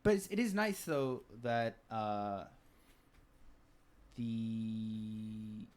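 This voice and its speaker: A man co-hosting a podcast, telling profane, lively stories about a video game. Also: lowish voice, extremely slow. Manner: swearing storyteller who acts out characters. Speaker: podcast co-host. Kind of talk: casual gaming chat.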